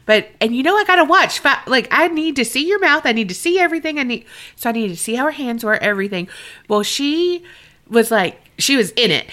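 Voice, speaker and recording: Bright, chatty woman co-host. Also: high-pitched, animated, a little fast. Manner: chatty, laughing anecdotes. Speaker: podcast co-host. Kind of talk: casual true crime chat.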